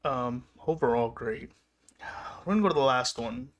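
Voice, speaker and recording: A young man casually recounting personal memories in a rambling, laughing way. His voice sits at a middle pitch and he grows excited as he relives the moments. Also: normal speed. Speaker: vlogger. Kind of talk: casual storytelling.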